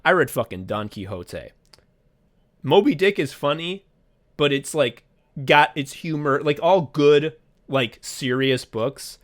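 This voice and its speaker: A man co-hosting a podcast, chatting casually in an excitable, profane way and slipping into quick voices as he retells stories. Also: on the high side. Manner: excitable, profane, animated storytelling with quick voice switches. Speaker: podcast co-host. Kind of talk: casual comedic chat.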